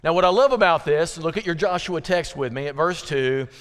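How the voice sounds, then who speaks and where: His voice sits on the high side, fairly bright, clear and resonant, as this male pastor addresses his congregation in the sanctuary. Emphatic and repetitive on key phrases, he slows down to stress points, adds folksy asides, and questions listeners directly. Long church-hall reverb colors the recording.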